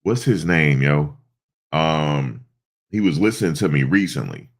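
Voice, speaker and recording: Very deep, gravelly stuffed-up man. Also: animated, measured pace. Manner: rambling storytelling with many fillers. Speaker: live-stream host. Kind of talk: casual live-stream chat.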